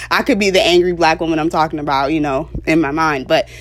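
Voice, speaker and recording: A woman's voice: low voice, fairly quick. A woman giving an opinion monologue, passionate and emphatic, lecturing her viewers with small laughs between points. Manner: preachy, lecturing. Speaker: vlogger.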